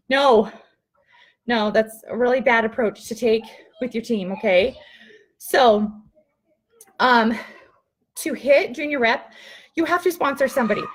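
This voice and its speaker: Young woman, casual live-stream team coach, upbeat, chatty, laughs a lot, fairly high voice. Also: slightly rough. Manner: chatty, upbeat, laughs often, talks to viewers by name. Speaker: team leader giving a live training.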